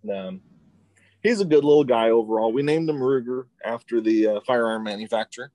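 A relaxed man in casual chat who often says "dude" and "like.". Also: mid-range voice, a little fast, no echo.

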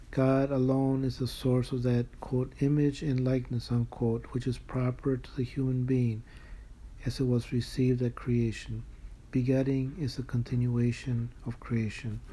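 A man reads a church document aloud in a deep, mellow voice, saying "quote" and "unquote" around each passage and reading out every citation in full. His delivery stays level and even, and he sounds earnest and moved by the words. A faint hiss sits behind him. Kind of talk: reading a religious text aloud with asides.

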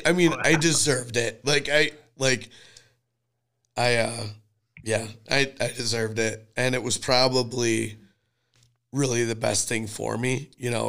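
A man's voice: mid-range voice, gravelly, a bit bright. A man telling a personal story on a casual podcast, chuckling as he goes. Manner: chuckles through his stories.

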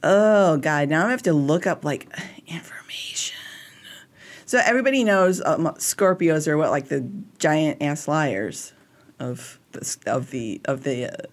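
A man's voice: fairly high pitch, normal speed. A man co-hosting a comedy podcast, rambling and self-deprecating, with casual swearing. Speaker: podcast co-host.

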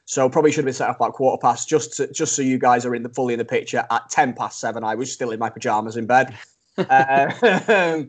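A man's voice: medium pitch, quick pace. A young man, telling a funny story in casual podcast chat, laughing often and mocking himself. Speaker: podcast co-host.

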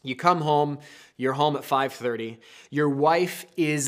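A man preaching a sermon, telling everyday stories with lively, acted-out moments. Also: on the high side, slow pace. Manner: animated storytelling, acting out husband and wife.

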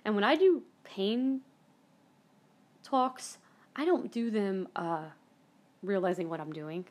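A woman's voice: mid-range voice, slow pace, darkish tone. A woman hosting her own podcast, telling a personal story with strong emotion, often repeating herself and trailing off. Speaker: podcast host.

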